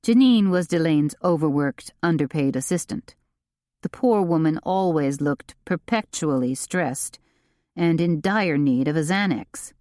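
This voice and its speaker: A woman narrating an audiobook in an expressive storytelling manner. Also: deep voice, measured pace, dry recording, clean studio sound. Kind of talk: scripted narration.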